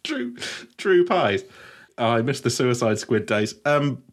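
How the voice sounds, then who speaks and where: A man's voice: medium pitch, sing-song, takes it slowly. A man co-hosting a podcast, laid-back and wry, often laughing. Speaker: podcast co-host. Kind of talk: casual comedic chat.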